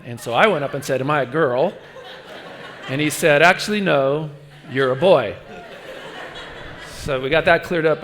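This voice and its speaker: A middle-aged man preaches in a church, his mid-range voice carried by a long reverb that hangs in the room. He tells personal stories with energy, then drops to a quiet, pleading hush. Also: mid-range voice. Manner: storytelling, shifts to hushed pleading tones. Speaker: guest preacher. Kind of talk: sermon.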